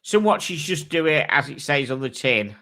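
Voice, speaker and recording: A man hosting a casual live chat with a bright, forceful voice. He thinks aloud, swears freely and reads specs and prices in an easy, offhand way. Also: medium pitch, very animated, normal speed, vocal fry. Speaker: host.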